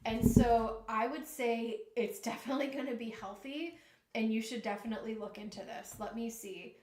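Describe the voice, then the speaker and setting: Female tarot reader, higher voice, earnest and halting, roomy echo. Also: background noise. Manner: earnest, emotional, halting with restarts. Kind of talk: live tarot reading.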